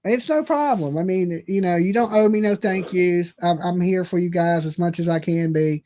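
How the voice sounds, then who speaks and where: A man's voice: high-pitched, normal speed, mellow, a little hiss or hum. A man in his fifties hosting a live call-in stream, talking casually and reassuringly in a folksy way. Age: 50s.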